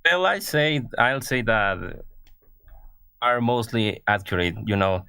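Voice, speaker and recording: A man from Mexico with a Mexican Spanish accent, calling in to a show and speaking slowly and haltingly as he searches for words. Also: medium pitch, sing-song, sharp tone, clean tone, no echo. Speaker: caller. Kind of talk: casual call-in chat.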